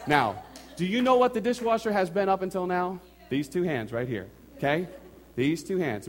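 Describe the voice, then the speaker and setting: Lively higher-voiced man preaching testimony. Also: normal speed. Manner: animated storytelling, acts out his own and others' quotes; repeats phrases for emphasis. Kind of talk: sermon testimony.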